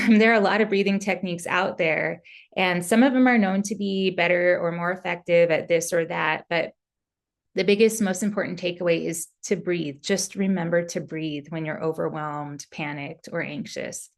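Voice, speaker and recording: A woman therapist with a lowish, gravelly voice gives relationship advice in an easygoing, candid way. She talks like she's chatting with a client, with fillers and sample phrases mixed in. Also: steady tone, normal speed. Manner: casual, candid, with fillers and quoted example phrases.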